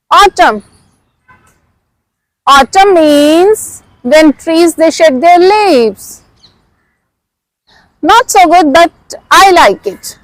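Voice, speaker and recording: A woman teaching words in a slow, repetitive lesson, saying each word over and over and praising the learner. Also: very high voice, fairly bright tone, dry recording, poor audio. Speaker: language teacher.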